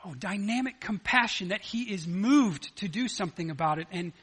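A man preaching a sermon, animated and acting out the scripture dialogue as he retells it. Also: sits high, moderate pace, slightly rough. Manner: animated, acts out the scripture dialogue in lively voices. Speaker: pastor.

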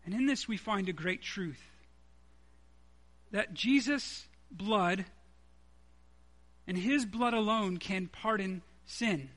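A man's voice: sits high, slow pace, pauses often, a bit bright. A man preaching a sermon, earnest and conversational, with emphatic stresses.

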